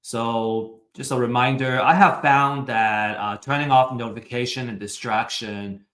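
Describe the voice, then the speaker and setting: A man's voice: medium pitch, fairly even intonation, measured pace, fairly bright tone. A man giving a live real estate webinar presentation, talking hesitantly with many fillers. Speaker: webinar speaker. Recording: roomy echo.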